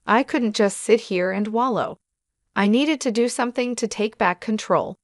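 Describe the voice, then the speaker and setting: A woman reading a scripted first-person drama as narrator, in a steady, even way. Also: fairly high pitch, moderate pace, no echo, clean studio sound.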